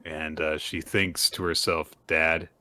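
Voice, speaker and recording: Deep, bright-toned man recapping manga. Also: slow pace, dry recording. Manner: animated retelling, acting out characters' lines. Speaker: podcast co-host recapping manga. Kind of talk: casual recap chat.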